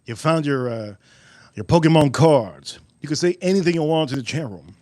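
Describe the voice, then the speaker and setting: A man's voice: on the high side, animated, normal speed, dark tone, no echo. A man casually hosting a live stream, joking loosely and talking to viewers in the chat.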